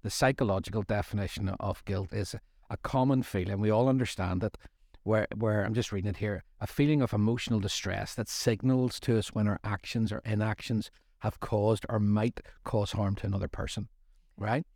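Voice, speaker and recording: A middle-aged man co-hosts a faith study series, speaking in a lowish, darkish voice with a steady tone and moderate pace. The casual faith discussion rambles, full of jokes and self-deprecating asides. The recording is dry and studio quality.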